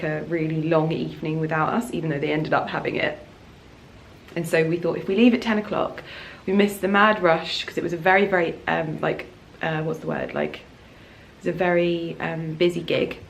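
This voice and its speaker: A woman's voice: sits low, moderate pace, vocal fry, a little hiss or hum. A woman in her thirties from England, chatting casually and gushingly to camera while vlogging outdoors in her home garden. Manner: chatty, gushing, restarts and trails off. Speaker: lifestyle vlogger. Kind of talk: casual vlog chat.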